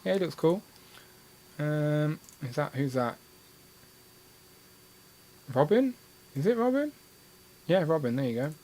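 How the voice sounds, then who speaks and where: A man with a fairly high, expressive, warm voice takes his time, leaving long pauses. He hosts a casual toy-themed live stream, cracking jokes and reading out viewer comments.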